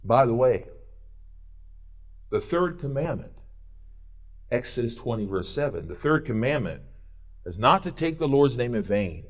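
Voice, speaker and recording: A male pastor preaching a sermon in a church, swinging between loud urging and quiet intensity. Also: medium pitch, big pitch swings, measured pace, long pauses.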